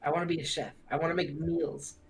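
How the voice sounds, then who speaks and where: A man's voice: fairly high pitch, level tone, quick pace, a little hiss or hum. A man playing a character in a tabletop game, hesitant, often repeating and restarting his words. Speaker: player. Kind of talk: in-character tabletop role-play.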